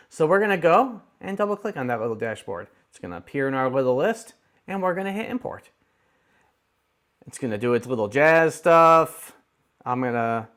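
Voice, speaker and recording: A man hosting a screen-share software tutorial, his voice sitting a little high for a man. He talks in a chatty, upbeat way, tossing in playful asides as he clicks through. He is close on a desk microphone. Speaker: tech tutorial host.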